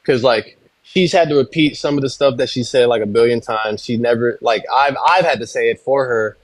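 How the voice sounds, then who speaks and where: A man co-hosting a livestream, talking casually and hesitantly with many fillers, trying to calm things down. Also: mid-range voice, brisk, low-quality recording. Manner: hesitant, filler-heavy, calming. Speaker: livestream co-host.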